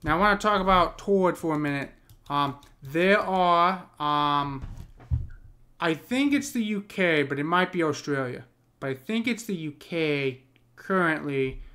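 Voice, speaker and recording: With lively intonation and a sharp tone, a slightly high-voiced American man explains poetic meter at a somewhat slow pace. He teaches poetry in a casual screen-share session, thinking aloud and often restarting or using fillers.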